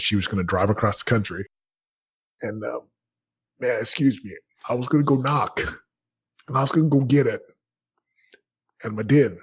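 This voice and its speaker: A man in his late thirties tells his story as a guest in a conversation. His voice sits on the low side and has a slightly husky edge. He speaks with energy and emphasis, breaking off and restarting sentences and mixing in slang. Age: late 30s. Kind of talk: casual storytelling in an interview.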